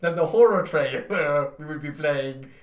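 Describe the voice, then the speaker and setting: A man's voice: fairly high pitch, unhurried, roomy sound. A young man co-hosting a casual podcast, joking around and laughing often. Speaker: podcast co-host. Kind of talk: casual chat. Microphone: desktop USB mic.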